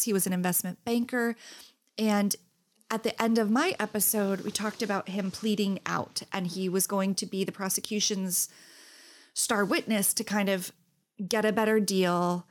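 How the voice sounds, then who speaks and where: A woman co-hosting a podcast in casual chat, telling stories with lots of laughter and acted-out quotes. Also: mid-range voice. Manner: animated storyteller, laughs often, acts out quotes. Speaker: podcast co-host.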